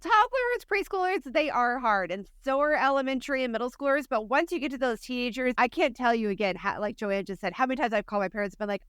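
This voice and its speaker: A bubbly woman co-host with a high, lively voice that jumps around as she talks. She laughs often and speaks in exclamations. Her voice sounds smooth and dry. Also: quick pace, few pauses, no echo. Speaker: podcast co-host. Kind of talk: casual interview chat.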